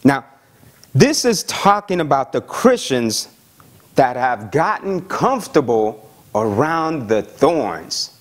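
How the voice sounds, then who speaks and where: A male pastor preaching a sermon in a conversational, animated way, often checking in with "okay?" and acting out the voices of the people he describes. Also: mid-range voice, slow pace. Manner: acts out voices of excited young believers.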